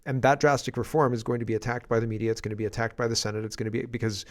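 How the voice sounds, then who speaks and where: A man's voice: mid-range voice, flat delivery, racing. Exasperated male political streamer. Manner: exasperated, rambling, sarcastic. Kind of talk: casual political commentary.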